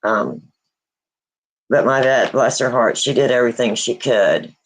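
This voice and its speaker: A woman hosting a casual livestream, grieving and near tears, speaking haltingly with many pauses and restarts. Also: rumbling low, slight background noise, poor audio. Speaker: host of a paranormal channel.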